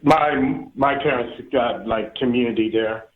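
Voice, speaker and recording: Halting man on a tinny phone line. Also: mid-range voice. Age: 30s. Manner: halting, with many restarts and fillers. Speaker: caller. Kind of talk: call-in chat.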